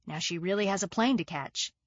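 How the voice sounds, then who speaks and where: Woman reading a gentle man, lower and quieter, dry audiobook sound. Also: brisk, no echo, muffled recording, natural voice. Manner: gentle, soft. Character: gentle, low-voiced man.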